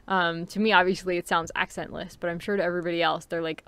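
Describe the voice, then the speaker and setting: A woman's voice: lowish voice, level tone, fast, a bit bright, smooth. Casual Californian woman, unedited home book-review talk, chatty and rambling. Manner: chatty, rambling, with fillers and laughs. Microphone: home recording, unedited.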